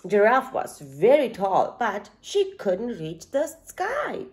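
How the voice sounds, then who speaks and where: A woman's voice: medium pitch, huge pitch swings, takes it slowly, hardly any pauses. A woman who works as a preschool teacher, reading a picture book aloud expressively and asking young listeners questions. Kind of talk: children's story reading.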